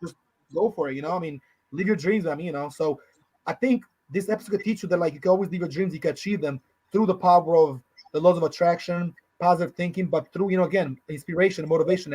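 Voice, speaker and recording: Man, thirties, podcast co-host, very quick delivery, high voice, rambling casual slang. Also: a little mellow, breathy edge. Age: 30s. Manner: rambling, slangy, says "bro" and "you know" often.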